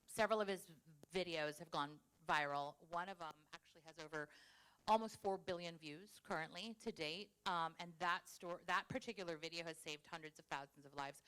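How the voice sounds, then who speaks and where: A woman talks on a conference panel, pitched a little low. Her tone is bright and forceful, and she argues her point earnestly with data behind it. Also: clean tone. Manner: earnest, data-minded advocacy. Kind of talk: panel discussion.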